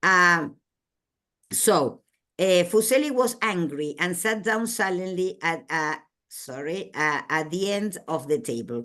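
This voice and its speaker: A woman teaching a literature class. She reads passages aloud and explains them, with many fillers and checking tag questions. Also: lowish voice. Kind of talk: classroom lecture reading aloud from a novel.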